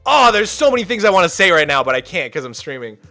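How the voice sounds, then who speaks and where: Male streamer, high bright voice, ranting storyteller with big swings, faint music underneath. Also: quick pace. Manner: animated, ranting, sarcastic, swings to shouting. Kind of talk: casual storytelling on a livestream.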